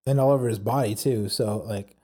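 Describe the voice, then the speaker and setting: A man's voice: fairly low pitch, a little fast, mellow, breathy edge. A man co-hosting a podcast in casual chat, chatty and full of questions. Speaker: podcast co-host.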